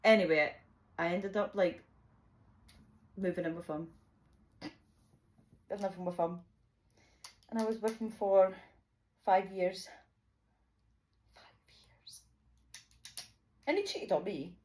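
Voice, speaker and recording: A woman's voice: mid-range voice, takes it slowly, long pauses, darkish tone. A young woman telling a chaotic storytime to camera, chatty and swearing, with dramatic outbursts. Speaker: vlogger. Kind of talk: storytime monologue.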